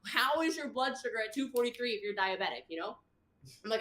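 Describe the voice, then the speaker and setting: A woman's voice: on the high side, expressive, fast, fairly bright tone. A woman on a livestream telling a long story, rambling and acting out what people said. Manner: rambling, acts out quotes. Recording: echoey room.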